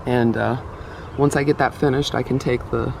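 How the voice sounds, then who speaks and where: A man's voice: medium pitch, fairly even intonation, normal speed, creaky, background noise. A man casually talking through his vehicle build-out project, rambling and correcting himself as he goes, a bit out of breath. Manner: rambling, self-correcting, chatty. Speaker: vlogger. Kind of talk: casual build update to camera. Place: inside a vehicle being built out.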